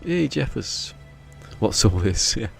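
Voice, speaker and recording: A man's voice: lowish voice, very animated, slow, gravelly, fairly bright tone, soft background music. A man chatting casually on a live game stream, joking and rambling with frequent laughter.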